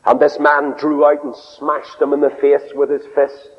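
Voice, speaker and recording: A man preaching a sermon, telling stories earnestly and dropping low and soft for quoted words. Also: completely flat delivery, a little slow. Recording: dull radio broadcast with long reverb.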